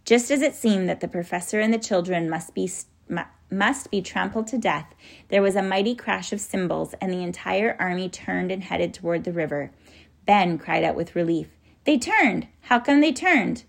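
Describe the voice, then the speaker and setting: A woman reading a children's story aloud in a lively way. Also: on the low side, normal speed, vocal fry. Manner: lively, acts out the characters.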